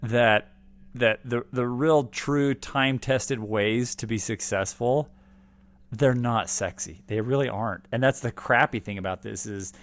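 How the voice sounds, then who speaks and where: A mid-pitched man co-hosts a casual finance podcast. He speaks candidly with a wry edge and often restarts his sentences mid-thought. He is recorded close on a podcast microphone. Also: a little slow. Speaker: podcast co-host, financial advisor. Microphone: new podcast microphone.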